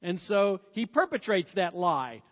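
High-voiced chatty preacher. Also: male voice, very animated, unhurried. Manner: chatty storytelling, laughs often, softens when reflecting. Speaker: pastor. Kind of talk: sermon. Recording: dull sound with long hall reverb.

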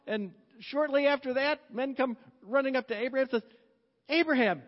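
High-voiced chatty preacher. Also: male voice, brisk. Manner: chatty storytelling, laughs often, softens when reflecting. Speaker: pastor. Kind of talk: sermon. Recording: dull sound with long hall reverb.

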